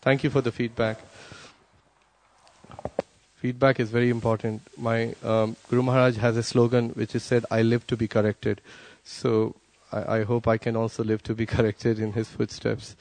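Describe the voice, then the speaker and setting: Man, temple class speaker, fast-paced, restarts, mid-pitched voice, dry sound. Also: flat delivery, no echo. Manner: quick, with restarts and soft asides. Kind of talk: devotional class with questions.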